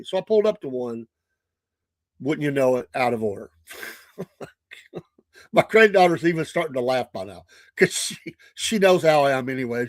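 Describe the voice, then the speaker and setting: Older Southern male host, folksy storyteller: chuckly, rambling, highish and very animated, dry close sound. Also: no echo. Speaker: podcast host. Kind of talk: casual anecdote telling.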